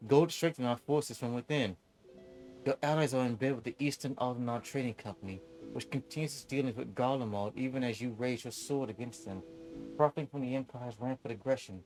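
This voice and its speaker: Brief: proud, smug game general, calm and superior; a male streamer reads her. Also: medium pitch, fairly quick, faint music behind, lightly acted.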